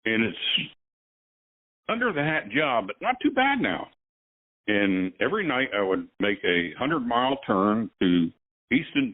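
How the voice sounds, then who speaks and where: An older man, a veteran truck driver and guest, telling rambling stories with chuckles in a casual conversation. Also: fairly low pitch. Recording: tinny phone line.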